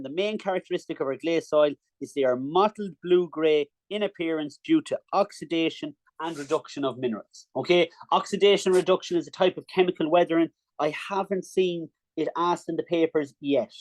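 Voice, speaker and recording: A young Irish man leads an agricultural science revision class, quick and encouraging. His voice sits a little high for a man, and he keeps checking in with the class as he goes. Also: a little mellow.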